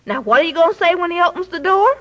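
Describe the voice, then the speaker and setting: Woman reading as a gentle fatherly cop in a storybook, slow drawl, high lively voice. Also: highs cut off, heavily acted. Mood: kindly. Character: kind tall male policeman, fatherly.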